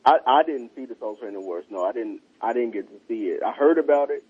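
A man calling in to a podcast by phone, speaking hesitantly and softly in casual chat. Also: mid-range voice, expressive, fast talker, breathy edge. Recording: tinny, distant phone line.

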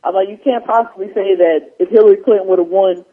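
A man's voice: high-pitched, fairly even intonation, fast, breathy edge, phone-quality sound. A man joining a radio show, talking loosely in a rambling, restart-heavy way. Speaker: radio co-host. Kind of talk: casual on-air discussion.

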